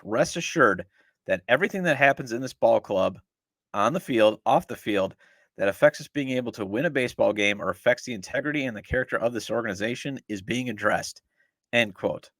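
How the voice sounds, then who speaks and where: A man's voice: mid-range voice, no room sound, studio quality. A middle-aged man hosting a sports podcast, ranting with exasperated sarcasm about his team. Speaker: podcast host. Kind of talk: opinionated sports talk.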